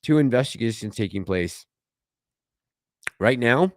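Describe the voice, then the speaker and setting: A man's voice: medium pitch, lively intonation, a little slow, no room sound, studio quality. A man hosting a casual livestream, reading viewer comments aloud and reacting to them in a chatty way. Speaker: livestream host reading chat.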